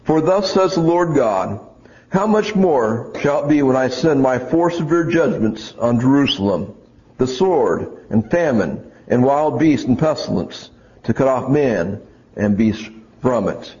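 A man's voice: medium pitch, lively intonation, unhurried, darkish tone. A man preaching a sermon and reading scripture aloud, earnest and often restarting his words. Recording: dull lo-fi recording.

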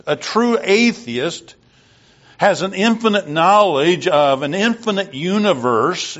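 A man's voice: sits high, fairly bright tone, pitched above the performer's own voice. A man voicing a blunt, wealthy older man who lectures emphatically, in a raised voice, on a dull lo-fi recording.

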